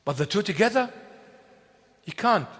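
High-voiced preacher in a reverberant hall. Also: male voice, expressive, normal speed, a bit bright. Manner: emphatic, repetitive call-and-response preaching. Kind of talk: sermon.

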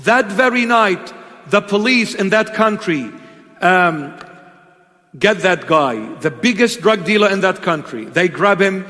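A man preaching a sermon, telling a story slowly and dramatically with emphatic pauses. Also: high voice, lively intonation, pushed and bright. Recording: long hall reverb.

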